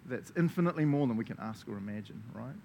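A man with a New Zealand accent preaching a lively sermon to a congregation, laughing often and acting out the voices he quotes. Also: mid-range voice, fast talker, slight background noise.

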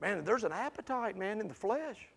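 A man preaches through a Bible passage to a small group. His voice sits high and carries a gravelly edge. He talks to the room directly and swings between loud and hushed. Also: animated, moderate pace. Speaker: Bible study teacher. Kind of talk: preaching Bible study talk.

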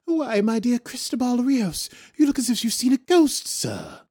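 A man's voice: very high voice, wildly swooping pitch, normal speed, loud music behind the voice, pitched above the performer's own voice, heavily acted. A man voicing a fussy, overly polite male hologram servant in a mannered, affected way.

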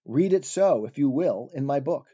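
A man's voice: mid-range voice, expressive, moderate pace, warm tone, breathy edge, lo-fi sound. A man reading the part of an earnest, troubled pilgrim who pleads in old-fashioned speech.

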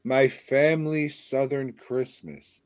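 A man's voice: mid-range voice, steady tone, takes it slowly, no echo. A man co-hosting a podcast in casual chat, retelling a movie in a rambling, profanity-laced way. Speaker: podcast co-host.

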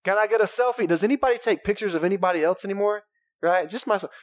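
A man in his thirties preaches with a drawl, talking to the congregation like friends and joking with them. His voice sits a little high. The sound is dry and close, with no room echo. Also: fast. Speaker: pastor. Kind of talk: sermon.

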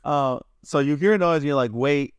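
A man co-hosting a podcast in casual chat, easygoing and reflective, thinking out loud. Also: a little high, a little fast, clean tone, no echo. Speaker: podcast co-host.

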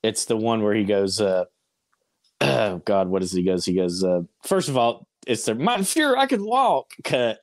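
A man's voice: a little slow, a little mellow, no echo. Easygoing man in a dry podcast booth. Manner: reads listener picks, jumps into high put-on quotes. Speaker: podcast co-host. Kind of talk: casual chat.

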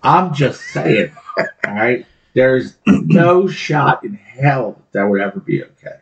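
A man's voice: mid-range voice, animated, slow, gravelly. A man co-hosting a podcast, swearing freely with emphatic outbursts. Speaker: podcast co-host. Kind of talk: crude casual banter. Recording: dull lo-fi sound.

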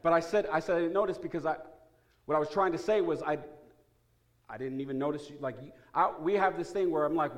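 A man pastor delivering a sermon in a church, shifting between quiet, earnest prayer and loud, joking storytelling. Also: a little high, fast talker. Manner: energetic, humorous, swings from hushed prayer to loud excitement. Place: church sanctuary.

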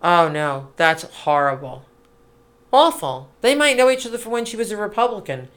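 A middle-aged woman co-hosting a podcast, talking in an animated, emphatic, casual way. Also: mid-range voice. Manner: animated, emphatic, quick asides. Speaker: podcast co-host. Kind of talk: casual political chat.

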